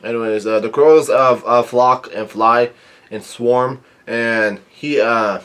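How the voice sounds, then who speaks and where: Guy rambling through a manga chapter recap, tons of uhs, reads the lines out flat. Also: mid-range voice, takes it slowly, smooth. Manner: rambling, many fillers, reads out dialogue flatly. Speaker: manga reviewer.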